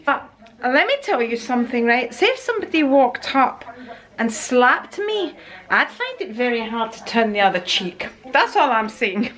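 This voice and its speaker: A woman's voice: high-pitched, very animated, moderate pace, fairly bright tone. A middle-aged woman chatting casually to camera at home in a rambling way, laughing often. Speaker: vlogger. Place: at home, indoors.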